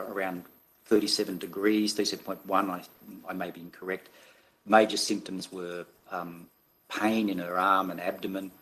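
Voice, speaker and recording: An Australian man giving expert medical testimony at an inquest, halting and measured, with many restarts. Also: low-pitched, a bit bright, rough recording.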